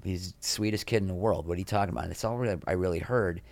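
A man's voice: low voice, racing, gravelly. A man as an interview guest, telling candid backstage stories in a rambling way and jumping into raised voices to act out the people he quotes. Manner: rambling, frequent restarts. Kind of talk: candid anecdotal storytelling.

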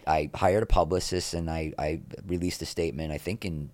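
A middle-aged man, a guest in an interview, talks with an extremely low pitch at a fairly quick clip on a dry recording. His stories are candid, rambling and self-deprecating, and he turns animated when acting out the people he quotes.

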